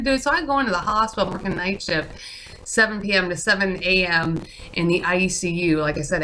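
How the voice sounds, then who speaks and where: Bright-voiced indignant woman vlogging. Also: mid-range voice, a little hiss or hum, rough recording. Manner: indignant storytelling, quoting others in animated bursts. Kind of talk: casual monologue to camera.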